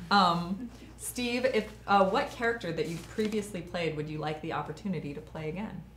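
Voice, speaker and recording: A woman with a bright, slightly low voice asks the questions in a relaxed interview, upbeat and quick to laugh. The recording is roomy, with faint ambient noise behind her. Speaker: interviewer host. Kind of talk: casual interview chat.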